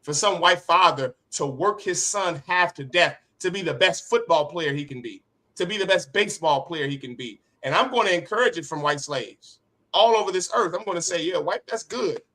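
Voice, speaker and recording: Fiery, bright-voiced male preacher. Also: a little high, moderate pace. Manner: impassioned, rhetorical, sharp swings in loudness. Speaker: teacher leading a class. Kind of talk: street-preacher sermon.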